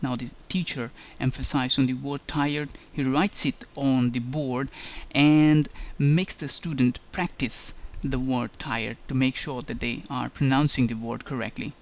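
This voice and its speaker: Gravelly-voiced male teacher explaining. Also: medium pitch. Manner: explanatory, stresses key words. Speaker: language instructor. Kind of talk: slideshow lecture narration.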